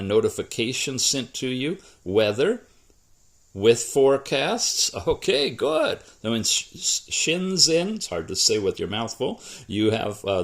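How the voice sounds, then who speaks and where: Man, tech reviewer, casual product walkthrough, lively up-and-down pitch.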